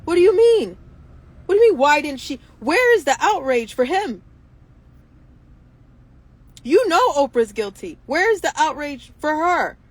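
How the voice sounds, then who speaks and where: A woman's voice: high voice, big pitch swings, unhurried, long pauses. A woman hosting her own show, speaking in an impassioned monologue full of indignant rhetorical questions. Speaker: show host.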